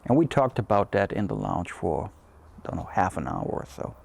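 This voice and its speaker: A man's voice: sits low, wildly swooping pitch, normal speed, gravelly, darkish tone. A man hosting a cigar show, talking in a loose, rambling way with many fillers and restarts. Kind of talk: casual chat.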